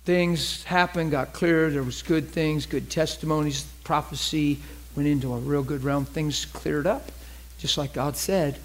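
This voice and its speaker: A man's voice: on the high side, steady tone, a little slow. A middle-aged man preaching to a church meeting, telling a story in a conversational, emphatic, folksy way. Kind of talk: sermon with storytelling.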